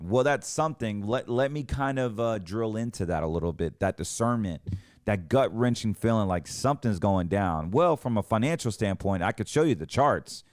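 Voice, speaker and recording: Heated, low-voiced male finance host. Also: lively intonation, normal speed, a little mellow, dry recording, studio quality. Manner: heated, emphatic, rambling with restarts. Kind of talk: ranting commentary.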